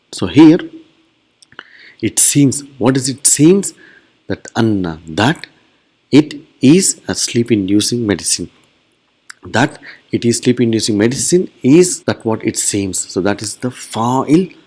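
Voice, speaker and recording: A man teaching an Arabic grammar lesson, explaining patiently, repeating key phrases and jumping up in pitch on words he stresses. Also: darkish tone.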